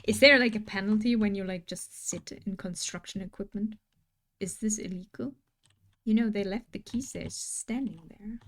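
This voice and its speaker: A woman's voice: medium pitch, normal speed, fairly bright tone. A woman chatting casually on a live stream while she draws, rambling and musing aloud to her viewers. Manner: rambling, musing aloud, hums and sings along between remarks.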